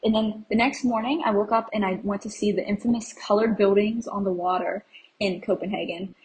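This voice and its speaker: A woman's voice: mid-range voice, fairly even intonation, fairly quick, a little mellow, poor audio. A young American woman hosting a travel podcast, giving a casual, rambling travel recap and laughing at herself. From USA.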